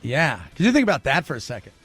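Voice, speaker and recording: A man's voice: fairly high pitch, very animated, fast talker, a bit bright, husky, faint music behind. A man hosting a talk radio show, riffing casually with wry, sarcastic asides and the odd laugh.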